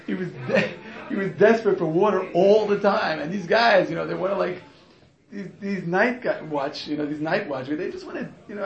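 A man teaching a lively, joking class on a religious text to students, acting out quotes with many restarts. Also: high voice, vocal fry, roomy sound, highs cut off. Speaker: Torah teacher. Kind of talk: lively informal class on the Megillah.

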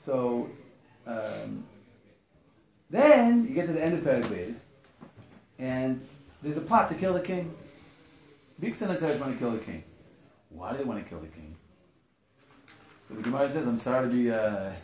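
A man teaching a lively, joking class on a religious text to students, acting out quotes with many restarts. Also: medium pitch, moderate pace, long pauses, echoey room, dull audio. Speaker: Torah teacher. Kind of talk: lively informal class on the Megillah.

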